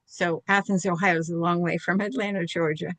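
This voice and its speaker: A woman's voice: fairly low pitch, fairly even intonation, brisk, fairly bright tone, no echo. An older woman telling a personal story in a candid, self-deprecating way, laughing now and then.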